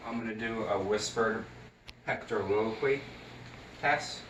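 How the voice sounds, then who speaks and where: A male nursing student demonstrates a head-to-toe health assessment, narrating each step at a measured pace with plenty of fillers and restarts. His voice is on the low side and fairly bright, the distant mic sounds roomy, and there's a little hiss or hum.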